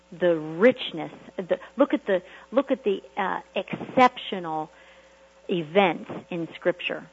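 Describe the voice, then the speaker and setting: A woman's voice: lowish voice, vocal fry, breathy edge, highs cut off. A woman preaching a motivational sermon to a group call, emphatic and repetitive, full of rhetorical questions. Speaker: prosperity preacher.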